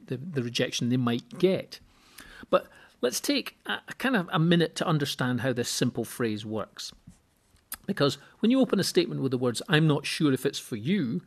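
A man's voice: mid-range voice, breathy edge. Man explaining on a solo podcast. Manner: explanatory, repeats words while thinking, animated when quoting people. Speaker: podcast host and seminar speaker.

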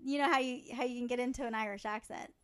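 A woman's voice: fairly high pitch, fairly even intonation, quick pace, very noisy. A woman co-hosting a casual podcast chat, bubbly and laughing often. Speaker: podcast co-host.

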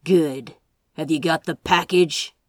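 A woman voicing a rough-voiced male kidnapper who speaks in curt, demanding lines in a story reading. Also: deep voice, steady tone, slow pace, dry recording, clean studio sound. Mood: menacing. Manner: clipped, demanding.

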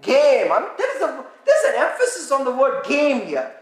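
A woman preaches an interactive sermon in an echoey room, reading scripture aloud and having the congregation repeat words back in call-and-response teaching. Her high-pitched voice swings hugely in pitch at normal speed.

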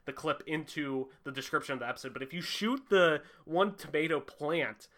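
A man's voice: fairly high pitch, normal speed, fairly bright tone. A young man hosting a casual gaming podcast, talking loosely and animatedly, swearing freely with lots of fillers. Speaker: podcast host.

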